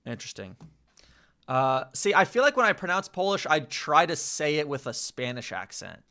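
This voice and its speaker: An American man hosting a casual live chat, slowly sounding out words with many fillers and pauses. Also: on the high side, sing-song, pushed and bright. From United States. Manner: slow, hesitant, full of fillers, sounding out words. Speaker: livestream host learning Polish.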